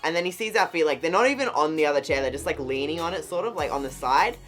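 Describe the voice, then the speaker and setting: Fast-talking young Australian YouTuber telling a story. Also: medium pitch, lively intonation, fairly bright tone, soft background music. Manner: rambling, heavy use of "like". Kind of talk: casual storytime vlog.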